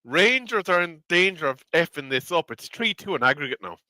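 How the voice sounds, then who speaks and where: A man's voice: a little high, very animated, a little fast, sharp tone, dry recording, poor audio. A man co-hosting a football watchalong, blunt and opinionated, bantering with the host. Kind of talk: casual football watchalong chat.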